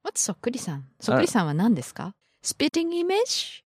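A woman's voice: mid-range voice, sing-song, very fast, a little mellow, breathy edge, no room sound, clean studio sound. A woman teaching on a casual language podcast, giving short answers and modelling example phrases.

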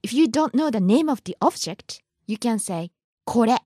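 A woman co-teaching a casual language lesson, lively and giggly, speaking careful example phrases. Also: on the high side, moderate pace, breathy edge, dry recording, studio quality.

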